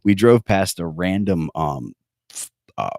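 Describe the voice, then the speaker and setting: A man's voice: low-pitched, very animated, measured pace, creaky, a little mellow, no echo, studio quality. A man hosting a podcast in casual chat, rambling and joking, with lots of fillers and restarts. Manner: rambling, joking, self-correcting with many fillers. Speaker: podcast host.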